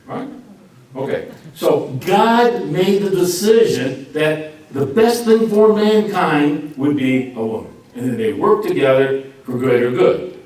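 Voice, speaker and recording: A man giving an informal Bible class, joking and acting out quotes in lively swings of voice. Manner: jokey, animated, acts out quotes with lively pitch swings. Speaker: Bible teacher. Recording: roomy echo, speaker far from mic, faint noise.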